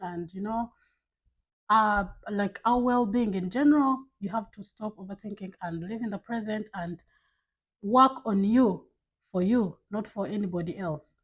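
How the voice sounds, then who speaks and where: A woman's voice: medium pitch, a little slow, low-quality recording. A woman talking candidly to camera, giving blunt life advice in a casual, filler-filled way. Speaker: vlogger.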